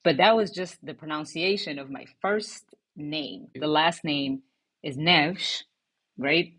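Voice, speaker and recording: A woman from Cape Verde, whose first language is Cape Verdean Creole, talks in a low, husky voice. She hosts a casual podcast and tells her stories with animated, acted-out dialogue. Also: measured pace. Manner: animated storyteller acting out quoted voices. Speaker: podcast co-founder and host.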